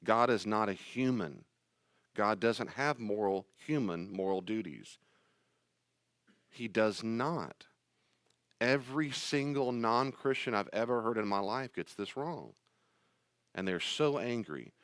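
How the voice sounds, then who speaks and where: A man's voice: on the low side, animated, slow pace, pauses often, a bit bright, no echo. Pastor guy teaching, emphatic, bouncy up-and-down voice, lots of rhetorical questions, dry close sound. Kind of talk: sermon-style teaching talk.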